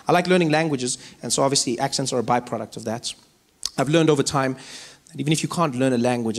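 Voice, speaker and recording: A man with a South African accent doing stand-up comedy, telling stories with animated delivery. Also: mid-range voice. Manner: animated storytelling, quick shifts in voice.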